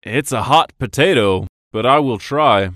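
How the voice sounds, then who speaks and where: A man reading scripted business dialogues for English practice, slow and carefully enunciated. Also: medium pitch, a bit bright, no room sound, studio quality.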